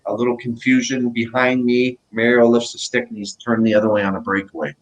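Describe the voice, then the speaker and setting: Middle-aged former athlete guest, casual storyteller, acts out quotes. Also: male voice, medium pitch, a little fast, poor audio. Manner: animated anecdotes, acts out quotes. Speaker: guest, former pro hockey player.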